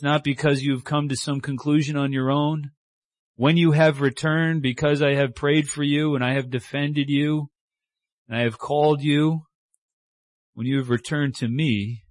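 Animated male preacher, dry close sound. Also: medium pitch, moderate pace, dry recording. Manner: animated storytelling, acts out voices, drops to a hushed tone for tender lines. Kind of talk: sermon.

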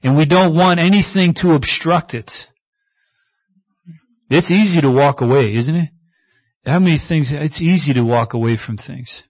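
A man's voice: fairly high pitch, moderate pace, long pauses, dull audio. A man preaching a conversational sermon, telling stories with casual asides and quoted dialogue. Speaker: pastor.

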